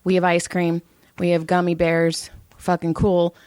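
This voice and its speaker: A woman's voice: on the low side, completely flat delivery, normal speed, a little mellow, smooth, no room sound, studio quality. A middle-aged woman co-hosting a podcast, casually telling profane family stories and acting out what everyone said. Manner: blunt, profane storytelling with acted-out quotes. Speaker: podcast co-host. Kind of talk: casual chat.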